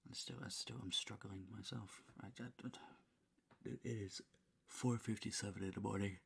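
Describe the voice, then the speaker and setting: A man's voice: lowish voice, fairly even intonation, normal speed, vocal fry, a bit bright, husky. An exhausted man, a voice actor, muttering and cursing to himself between takes while recording at home. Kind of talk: recording bloopers, talking to himself.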